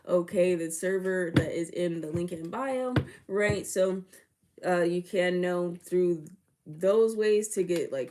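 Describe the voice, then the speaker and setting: A woman's voice: on the low side, a little mellow. A woman hosting a casual livestream of readings, chatty and laughing often, greeting viewers by name. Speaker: livestream tarot reader and host.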